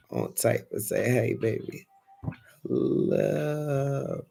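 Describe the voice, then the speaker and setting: Man, gravelly, medium pitch, casual live tarot reading, chatty with viewers. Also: drawn-out words, dark tone. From Philadelphia. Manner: chatty, reads affirmation cards aloud and talks to viewers in the chat. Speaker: tarot reader.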